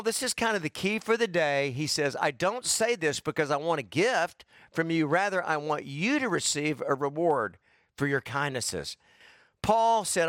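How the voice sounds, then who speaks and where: A man's voice: fairly high pitch, a bit bright, no room sound. A man preaching a sermon to his congregation, folksy and joking, with asides to the people in the pews. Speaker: pastor.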